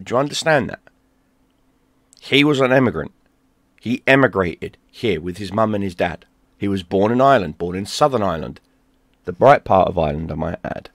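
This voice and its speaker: A man ranting in a heated, profane monologue, dropping to a mutter and then bursting out loud. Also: no echo, studio quality. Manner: heated and profane, swings between low mutter and loud outbursts. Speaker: gaming YouTuber.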